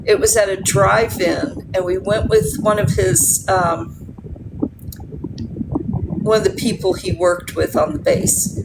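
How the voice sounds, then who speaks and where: Older lady in her 60s rambling slow on a livestream, gravelly voice, lots of um and uh, loud noisy background. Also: medium pitch, fairly even intonation. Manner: meandering storytelling with many fillers and restarts. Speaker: livestream host. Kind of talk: rambling casual chat.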